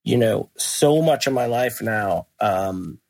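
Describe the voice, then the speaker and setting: A man's voice: fairly low pitch, lively intonation, takes it slowly, creaky, a little mellow, no room sound. A man, a guest musician, rambling through anecdotes in a casual interview, laughing and swearing as he goes. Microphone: remote call.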